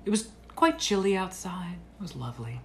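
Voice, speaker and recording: A man co-hosting a comedy podcast, telling a story in an animated way and acting out the quoted lines with big jumps in pitch. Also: brisk. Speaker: podcast co-host.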